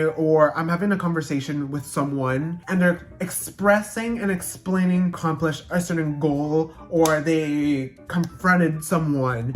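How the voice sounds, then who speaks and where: A young woman casually explaining slang words to her viewers, playful and dramatic, acting out her own examples. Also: on the low side. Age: young adult. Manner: playful, dramatic, slips into sing-song quoting.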